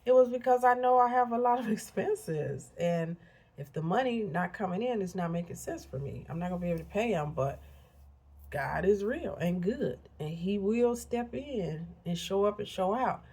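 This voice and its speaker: A woman's voice: medium pitch, animated, normal speed, warm tone. A middle-aged woman giving earnest, preachy motivational talk straight to her viewers. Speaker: motivational vlogger. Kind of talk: casual motivational talk to camera.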